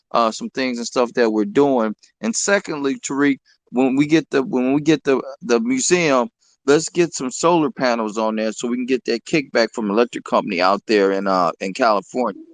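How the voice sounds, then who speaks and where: A man's voice: medium pitch, no room sound. A man calling in to a live show, rambling and hesitant with lots of fillers. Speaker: caller.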